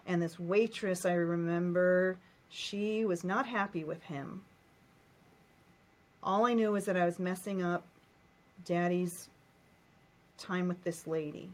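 Woman, guest, low-pitched, emotional, repetitive phrasing, personal story. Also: fairly even intonation, measured pace, long pauses. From United States. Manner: emotional, repetitive, recounts childhood pain in short phrases. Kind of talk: personal storytelling in a coaching session.

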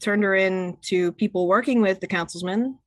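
A woman's voice: medium pitch, normal speed, no echo, close to an everyday voice. A woman voicing a sulky, cowardly male informant who talks in a grudging, sullen way.

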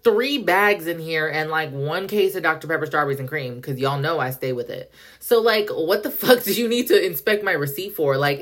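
A young woman hosting a podcast, telling a story in a profane, animated, dramatic rant full of slang and filler words. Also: sits low. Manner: heavy slang, filler 'like'. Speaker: podcast host.

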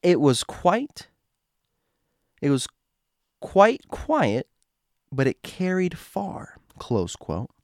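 A man's voice: fairly high pitch, huge pitch swings, very slow, long pauses, dry recording, clean studio sound. A man hosting a show, reading a creepy true story aloud, stumbling over words and adding his own asides. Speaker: host reading a story post.

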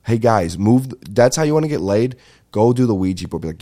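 A young man with a deep, mellow voice hosts a comedy podcast. He tells long, winding stories thick with swearing, fillers and sudden tangents. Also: expressive, fairly quick. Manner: profane, meandering, lots of fillers and asides. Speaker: podcast host. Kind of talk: rambling comedic storytelling.

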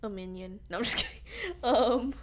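Woman co-host with a fairly high voice, blunt, swears casually, quick reactions. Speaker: podcast co-host. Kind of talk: casual chat.

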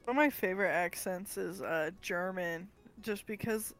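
A young adult woman co-hosting a casual podcast, chatty and quick to laugh, with plenty of fillers. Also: on the low side, fairly bright tone, soft background music, low-quality recording. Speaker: podcast co-host. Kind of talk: casual chat.

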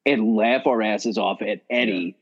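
A man co-hosting a podcast in casual chat, relaxed, swearing freely and asking questions. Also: fairly low pitch, a little slow. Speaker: podcast co-host. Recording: dull lo-fi audio.

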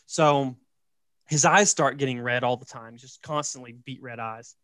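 A man casually telling a story on a podcast, joking and animated, tossing in "right?" and "like" as he goes. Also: mid-range voice, moderate pace, no room sound, studio quality. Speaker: podcast host.

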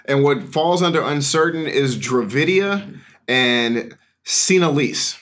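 A man's voice: a little high, expressive, takes it slowly, a bit bright. A man co-hosting a podcast in loose, joking banter, laughing often and restarting his sentences. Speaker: podcast co-host.

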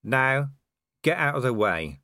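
A man's voice: medium pitch, very animated, slow pace, gravelly, pushed and bright, no echo, full character voice. A man voicing a weary, dry-witted middle-aged male watch commander in an audiobook, sardonic and dry.

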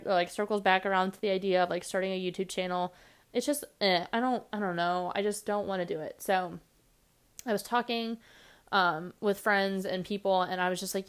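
A young woman hosting her own podcast, talking fast and rambling casually with lots of fillers. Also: medium pitch, smooth. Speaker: podcast host. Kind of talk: casual solo podcast monologue.

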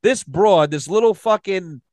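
A man telling a long story on a podcast, animated and full of swearing. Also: high voice, unhurried, no echo. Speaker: podcast guest. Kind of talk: casual storytelling.

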